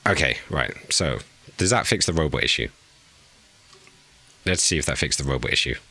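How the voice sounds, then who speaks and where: Very deep and gravelly, this man's voice is expressive, pushed and bright, moving at a moderate pace. He's live-streaming and chatting, growing flustered as he fiddles with the audio on a new desk mic.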